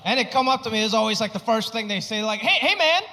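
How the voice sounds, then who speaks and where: A man with a fairly high voice performs stand-up on a comedy stage. His delivery is animated, and he jumps his pitch around to act out the people in his stories. The sound carries a long hall reverb and clear crowd noise behind it. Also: quick pace. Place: comedy stage before a live audience.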